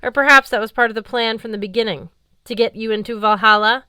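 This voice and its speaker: A hot-tempered Valkyrie leader hurls threats at full volume, as a woman narrator puts her on. Her tone is bright and crisp, the recording close and dry. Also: a little high, fairly even intonation, fast, no room sound, pitched above the performer's own voice. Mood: furious. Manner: shouting, imperious threats.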